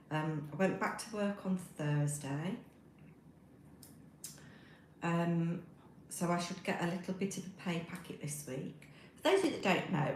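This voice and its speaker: A woman's voice: on the low side, roomy sound, a little hiss or hum, poor audio. A middle-aged British woman chatting on a crafting livestream while she knits, rambling with lots of ums and reading out chat messages. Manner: rambling, friendly, many ums, talks while knitting. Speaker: crafting live-streamer. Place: home room.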